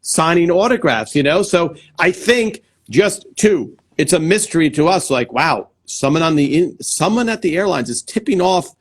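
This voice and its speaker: A man's voice: fairly high pitch, lively intonation, normal speed, hardly any pauses, husky. A man hosting a casual interview over a video call, chatty and enthusiastic. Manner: enthusiastic, chatty, laughs easily. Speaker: host.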